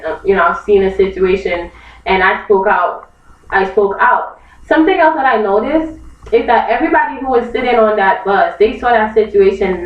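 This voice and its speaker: A young woman ranting angrily to her camera, repeating her points with emphasis and mocking other people in put-on voices. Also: mid-range voice. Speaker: vlogger. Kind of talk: heated opinion rant. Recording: echoey, distant, dull lo-fi webcam recording.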